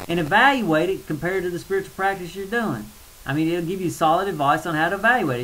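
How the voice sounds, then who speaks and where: A spiritual vlogger rants in a casual video monologue, blunt and colloquial, working himself up before apologizing. His voice is on the high side with a fairly bright tone. The audio is poor, with a faint hiss.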